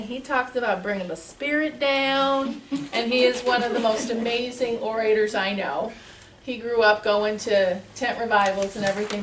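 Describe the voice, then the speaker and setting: A woman speaks to a small audience with an animated, chatty delivery and frequent laughter. Her voice sits at a middle pitch. It is heard from some distance in an echoey room with a faint hiss behind it. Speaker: spiritual teacher. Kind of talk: lively talk to a live audience.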